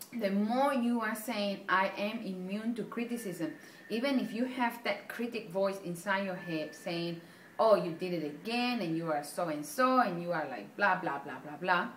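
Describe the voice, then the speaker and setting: A woman presenting a self-help video, speaking in an earnest, encouraging way and often checking in with her listeners by asking "okay?" or answering her own questions. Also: mid-range voice. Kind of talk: motivational talk to camera. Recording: echoey room with faint background noise.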